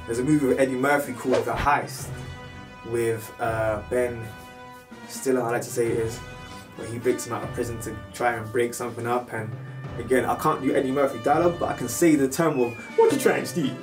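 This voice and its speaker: A British man telling a story in a casual, animated way to his viewers, now and then breaking into loud film impressions. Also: mid-range voice, a little fast, far from the mic, music in the background. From United Kingdom. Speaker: vlogger.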